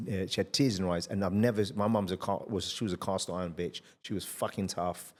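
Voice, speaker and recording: A middle-aged man hosting a podcast, telling blunt, energetic stories in casual conversation and swearing freely. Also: low voice, brisk. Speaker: podcast host.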